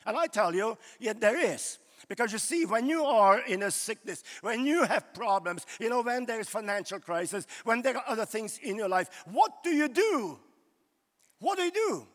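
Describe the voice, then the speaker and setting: A man's voice: high voice, moderate pace, hardly any pauses, fairly bright tone, in a large hall. A male pastor preaching a sermon in a loose, conversational way, full of "you know" fillers, recorded live in a church.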